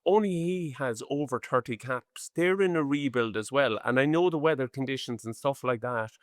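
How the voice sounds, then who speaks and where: An Irish man in his forties co-hosting a rugby podcast, talking in an animated, rambling, chatty way. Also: mid-range voice, moderate pace, no echo, studio quality. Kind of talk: casual chat.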